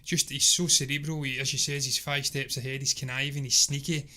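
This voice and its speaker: A man's voice: mid-range voice, little pitch movement, a little fast, pushed and bright. A man co-hosting a casual movie review podcast, talking emphatically and at length. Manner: emphatic, chatty, rambling. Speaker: podcast co-host.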